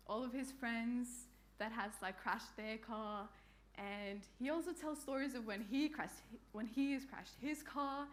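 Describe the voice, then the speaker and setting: A young woman from Norway telling a personal story in a church talk, chatty and laughing, with lots of fillers and restarts. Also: on the high side.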